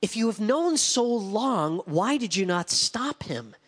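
A man's voice: high-pitched, sing-song, slow pace, husky, exaggerated voice. A man reading an anxious army commander. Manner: hesitant, questioning.

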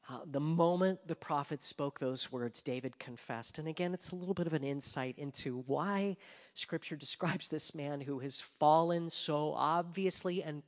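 A pastor preaching a sermon with passion, rising to loud emphasis and dropping to hushed whispers. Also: male voice, on the high side, moderate pace. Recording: long hall reverb.

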